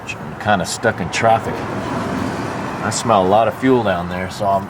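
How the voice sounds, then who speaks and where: A man's voice: lowish voice, moderate pace. A man vlogging casually and with profanity outdoors by a busy roadside, explaining car trouble into a handheld phone camera. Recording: outdoor traffic noise.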